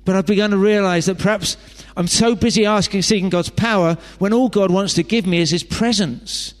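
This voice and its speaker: A man's voice: high voice, steady tone, brisk. A man preaching a sermon, chatty and full of rhetorical questions and joking asides. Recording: long hall reverb.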